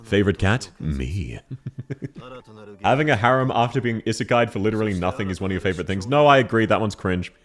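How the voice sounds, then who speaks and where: A man's voice: lowish voice, fast, soft background music. A man streaming a Q&A, answering chat questions in a playful, teasing way and laughing often.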